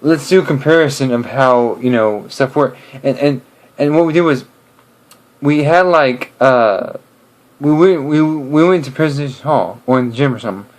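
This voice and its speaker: A young man chatting casually to camera, rambling and hesitant, with many pauses and restarts. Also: mid-range voice, rough recording. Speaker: video creator.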